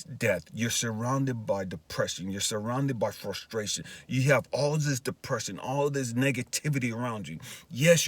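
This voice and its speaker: A man's voice: medium pitch, no echo. A man telling a personal faith story in an earnest, repetitive way, often checking in with his listeners. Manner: earnest, repetitive, often asks "you know what I mean". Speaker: counselor sharing personal testimony. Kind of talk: emotional spoken testimony.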